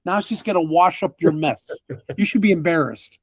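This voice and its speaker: Man voicing a huffy preachy guest, high voice, condescending, scolding, dry sound. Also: sing-song, measured pace, no room sound, exaggerated voice. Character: huffy, preachy male inn guest in mail.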